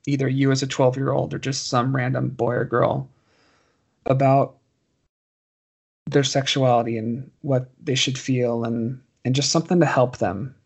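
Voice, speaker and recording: A man's voice: mid-range voice, creaky, darkish tone, slightly rough. A man hosting an interview series, asking plain, earnest questions. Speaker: interviewer, host.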